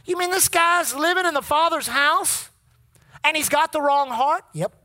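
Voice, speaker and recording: Preacher mid-sermon with a sharp, bright voice, leading the crowd to echo lines back. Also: sits high, moderate pace. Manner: call-and-response with the congregation; reads scripture in King James wording.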